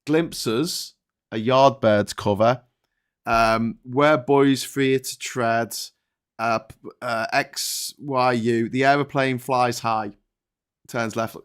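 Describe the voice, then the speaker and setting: A man hosting a casual chat, recalling concerts in a relaxed, wry way. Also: mid-range voice, slow, smooth.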